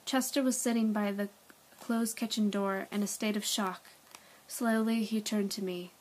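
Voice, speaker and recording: A woman's voice: mid-range voice, steady tone, normal speed, darkish tone, a little hiss or hum, poor audio. A woman reading a children's book aloud, breaking off now and then for chatty asides. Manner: chatty asides, laughs at own tries. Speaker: storybook reader.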